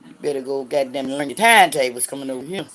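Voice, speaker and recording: Loud trash-talking woman in her sixties. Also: fast talker, a little hiss or hum. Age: 60s. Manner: loud, cursing, trash-talking, swings between hollering and low muttering. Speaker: livestream host. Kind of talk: livestream chat answering viewers.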